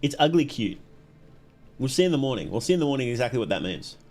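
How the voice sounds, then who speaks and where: A young male streamer commentates his game live with an animated, bouncy voice that rises and falls a lot. He chats loosely, laughs often and reads the characters' lines aloud as he plays. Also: medium pitch, fast, soft background music.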